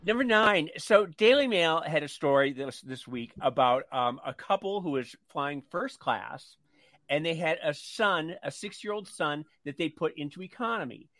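Man telling an animated anecdote. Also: fairly high pitch, moderate pace, dry recording. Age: older. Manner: animated storyteller who acts out the voices in his anecdotes. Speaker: radio show co-host. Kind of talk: storytelling on a radio talk show.

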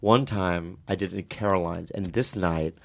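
A man's voice: low voice, steady tone, normal speed, gravelly. A male comedian telling stories in casual podcast chat, stammering through restarts in a studio. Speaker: comedian guest.

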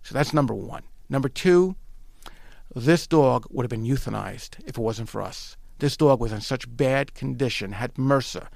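A man's voice: mid-range voice, normal speed, gravelly, darkish tone, dry recording. A middle-aged man from New York with a New York accent, telling a story as a podcast guest, emphatic and repeating himself, quoting dialogue. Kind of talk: animated storytelling.

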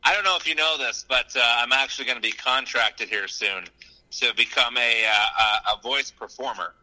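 A man's voice: medium pitch, moderate pace, pushed and bright, poor audio. A young man, a regular on the show, bantering casually in a jokey, playfully defensive way.

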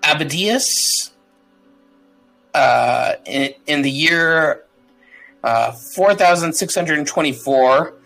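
Man haltingly reading a legal deed. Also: fairly high pitch, vocal fry, bright, forceful tone, faint music behind, rough recording. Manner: halting, stumbling over words with fillers. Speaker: player. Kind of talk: tabletop game play, reading a deed aloud.

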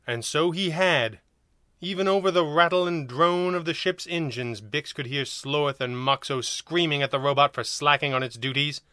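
Man reading a kids' space story, bright voice, dry close mic, wry and lively. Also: on the high side, moderate pace, no room sound. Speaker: audiobook narrator. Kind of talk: scripted storybook narration.

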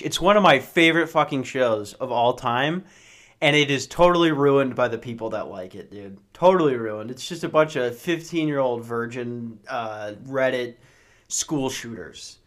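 A man's voice: mid-range voice, fairly bright tone. A man hosting a solo podcast, rambling in a casual, profane and sarcastic way and often mocking himself. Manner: self-mocking, jokey.

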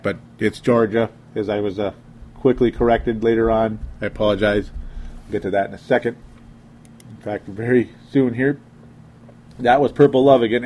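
Male sports talk host, young adult, casual, animated, reads comments aloud. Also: on the low side, a little hiss or hum. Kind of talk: casual sports talk show, reading listener tweets.

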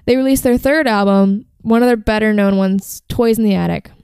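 A woman's voice: mid-range voice, moderate pace, a little mellow, clean tone, dry recording, clean studio sound. Chatty woman telling a story. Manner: chatty, profane, uses fillers like "like" and "um". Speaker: podcast host telling a band history. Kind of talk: casual storytelling chat.

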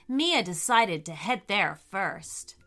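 Gentle, expressive woman storyteller. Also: mid-range voice, takes it slowly, faint music behind. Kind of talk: bedtime story reading.

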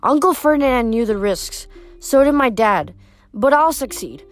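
Young male satyr, earnest, wistful, voiced lightly by a female reader; higher register. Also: animated, normal speed, faint music behind, lightly acted. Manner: earnest, indignant about pollution.

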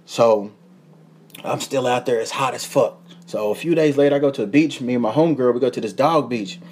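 A young man, a podcast host telling a profane, animated travel story in casual chat, laughing often. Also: medium pitch, a little fast, slight background noise. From United States.

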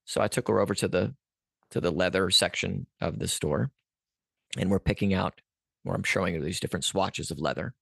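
A man's voice: low-pitched, brisk, creaky, slightly rough, no echo, clean studio sound. A man guest on a podcast, earnestly telling a personal story in a rambling way, with many restarts and fillers. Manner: earnest, animated at peaks.

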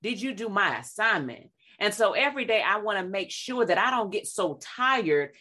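A woman talks about faith in a lively, conversational preaching way. Her voice is bright and forward. She quotes scripture and acts out little scenes as she goes. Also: mid-range voice, normal speed. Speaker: co-host sharing devotional reflections.

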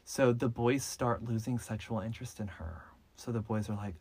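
A man's voice: medium pitch, moderate pace, few pauses, a little mellow, slightly rough. A man hosting a podcast who retells a true-crime case in a loose, casual way, full of "like" and "so". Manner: loose, filler-heavy retelling with "like" and "so". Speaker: podcast host.

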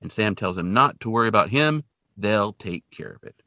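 A man co-hosting a podcast, recapping a TV episode in casual chat with animated storytelling and dry asides. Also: fairly low pitch, normal speed, dry recording. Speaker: podcast co-host.

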